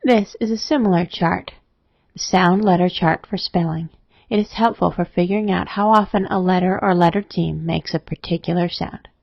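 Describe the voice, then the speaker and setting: A woman narrating a scripted spelling lesson, explaining rules in a steady, methodical way. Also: fairly low pitch, moderate pace, gravelly, dry recording. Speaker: spelling teacher. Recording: dry, dull lo-fi voice-over.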